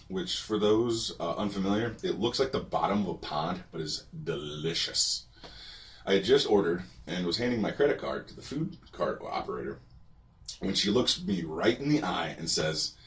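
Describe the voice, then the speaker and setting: A man's voice: low voice, fairly bright tone. A man narrating a personal story with wry, dry humor, recorded a bit away from the mic. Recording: distant from the mic.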